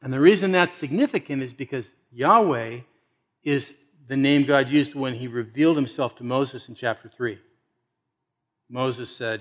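A man preaching a sermon, animated, acting out quoted voices and swinging from loud emphasis to hushed, intimate lines. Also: on the high side, normal speed. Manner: acts out quoted voices conversationally. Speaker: pastor.

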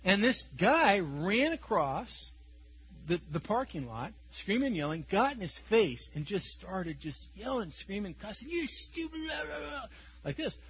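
High-voiced husky male pastor. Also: big pitch swings, measured pace, muffled recording. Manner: conversational, tells stories with chuckles. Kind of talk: sermon.

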